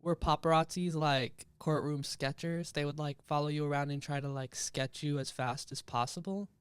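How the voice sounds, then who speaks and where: A man's voice: on the high side, fairly even intonation, normal speed, a little hiss or hum. A man in his twenties hosting a podcast, talking casually and wryly, with plenty of 'like's. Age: 20s. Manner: casual, filler-heavy, wry. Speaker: podcast host. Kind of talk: casual chat.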